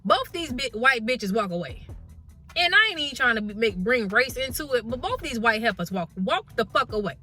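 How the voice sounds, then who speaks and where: A woman truck driver telling a casual story, blunt and profane, with animated delivery. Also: a little high, moderate pace, soft background music.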